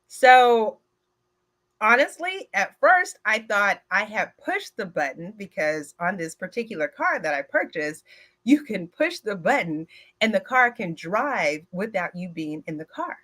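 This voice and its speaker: A woman at a retreat shares a personal story with energy, talking straight to the audience with plenty of fillers. Her medium-pitched voice moves at a measured pace.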